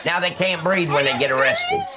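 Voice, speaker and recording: A man's voice: sits high, wildly swooping pitch, brisk, a loud crowd, very noisy. A middle-aged man reacting to a police video, indignant and sarcastic, swearing often. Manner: indignant, profane, sarcastic ranting. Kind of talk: reaction commentary.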